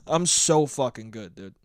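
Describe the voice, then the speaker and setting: A man's voice: mid-range voice, animated, slow, no room sound, studio quality. A man hosting a solo podcast, rambling and profane in a casual, self-mocking monologue. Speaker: podcast host.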